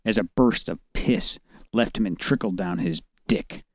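A man's voice: measured pace, dry recording, studio quality. A man co-hosting a comedy podcast, reading fan fiction aloud and breaking into laughter, trying silly character voices. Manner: laughs often, breaks into high giggles, tries character voices.

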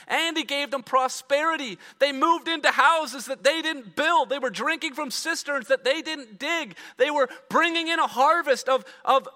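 High bright-voiced male preacher, echoing hall. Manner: reads scripture aloud, then explains with rising emphasis and trailing drops. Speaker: pastor. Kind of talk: sermon. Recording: long reverb of a large hall.

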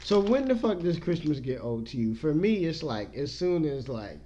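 A young man cracks crude jokes as he hosts a casual podcast, his pitch jumping all over the place. The sound is a little dull, with a faint hiss behind him. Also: sing-song, moderate pace. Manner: profane, joking, loud bursts of laughter. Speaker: podcast host.

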